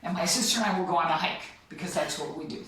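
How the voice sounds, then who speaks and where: Talking at a racing pace, this middle-aged podcast guest has a low-leaning, fairly bright voice. She's chatting casually and eagerly, laughing a lot and drifting off mid-sentence. The sound is echoey, with the mic at a distance.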